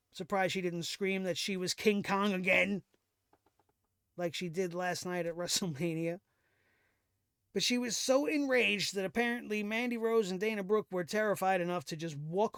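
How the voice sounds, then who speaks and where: Sarcastic man ranting, smooth dry voice. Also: high voice, a bit bright, no echo. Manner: sarcastic, exasperated ranting with laughs. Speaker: wrestling show host. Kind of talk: casual recap and commentary.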